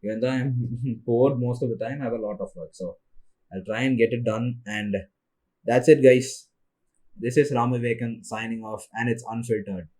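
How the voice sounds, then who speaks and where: A young man, a native Tamil speaker, talks alone into his podcast in a loose, rambling way. He sounds tired and sleepy, trails off and restarts his sentences, at an ordinary mid pitch for a man. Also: steady tone, moderate pace, dark tone. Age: young adult. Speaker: solo podcast host. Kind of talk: casual monologue.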